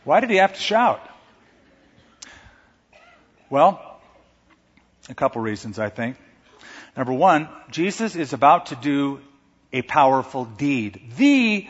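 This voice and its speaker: Animated husky preacher man. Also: on the high side, unhurried, long pauses. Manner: animated preaching, shouting quoted lines. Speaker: pastor. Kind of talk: sermon. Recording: dull recording in a reverberant hall.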